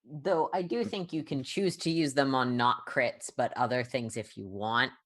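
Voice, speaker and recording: A woman's voice: very deep voice, measured pace, fairly bright tone. A woman chatting at a tabletop game, making wry, self-mocking asides. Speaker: player. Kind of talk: casual tabletop chat.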